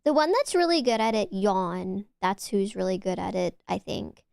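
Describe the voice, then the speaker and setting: A young woman with a Valley Girl accent chatting on her stream, talking loosely with lots of "like"s and sometimes dropping to a soft whisper. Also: very animated, moderate pace, creaky, smooth, no echo, clean studio sound. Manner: chatty, filler-heavy with many "like"s, dips into low whispers. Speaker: VTuber streamer. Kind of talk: casual chat stream.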